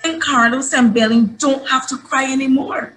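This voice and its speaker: A woman's voice: high-pitched, moderate pace, pitched above the performer's own voice, rough recording. A woman doing an eager young boy. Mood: excited. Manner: excited, questioning.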